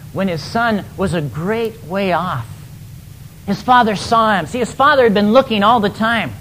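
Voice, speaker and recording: A man's voice: high voice, a bit bright, slight background noise, poor audio. A man preaching, retelling a parable emphatically and often repeating words as he goes. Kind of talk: sermon storytelling.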